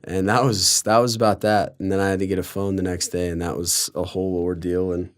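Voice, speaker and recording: Fairly quick and level in tone, his low voice carries a casual story on a podcast. He's a young man from Colorado, loose and sarcastic, using "like" over and over.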